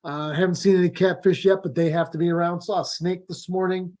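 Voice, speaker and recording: A man's voice: high voice, fast talker. A middle-aged man hosting a fishing live stream, chatting casually and telling rambling stories with fillers. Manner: relaxed rambling storyteller with frequent fillers and laughs. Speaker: fishing show host.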